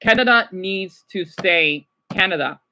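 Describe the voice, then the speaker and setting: An excitable woman from the United States hosting a casual livestream, gushing as she reacts and often apologizing. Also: mid-range voice, measured pace, muffled recording, a little hiss or hum. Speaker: livestream host.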